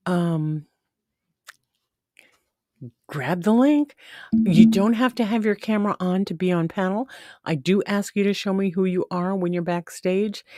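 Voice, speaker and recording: A woman hosts a casual livestream, chatting affectionately and greeting viewers by name. Her voice is mellow and medium-pitched, recorded at studio quality with no echo.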